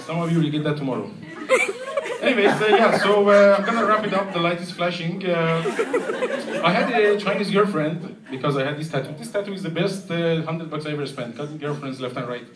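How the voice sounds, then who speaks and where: A young man from Iran performing a stand-up comedy set, animated and slipping into voices for the characters in his stories. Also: fairly high pitch, brisk. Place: comedy club. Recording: echoey club from a distant mic, loud crowd laughter. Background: audience laughing.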